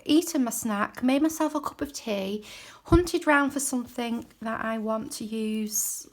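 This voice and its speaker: A woman talks easily at her craft desk at home, with a slightly high voice. She rambles as she works and drops into quiet mutters now and then. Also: measured pace, hardly any pauses. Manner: chatty, rambling, drops to soft mutters while working. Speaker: craft journaling creator. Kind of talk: casual crafting chat while working.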